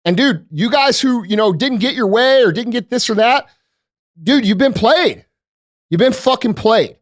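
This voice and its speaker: An American man hosting a podcast, delivering a forceful, profane rant full of rhetorical questions into a studio mic. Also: very high-pitched, animated, normal speed, no room sound. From United States. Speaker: podcast host. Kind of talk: ranting podcast monologue.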